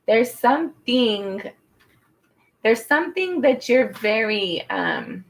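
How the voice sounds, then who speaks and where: A woman's voice: on the high side, very animated, slow pace. A woman giving a casual spoken tarot reading, rambling and soothing, with many fillers as she talks. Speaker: tarot reader.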